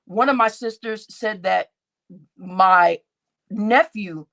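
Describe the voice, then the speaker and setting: A woman's voice: medium pitch, slow, fairly bright tone. A middle-aged woman chatting on a live stream, reading out chat names, laughing often and swearing freely.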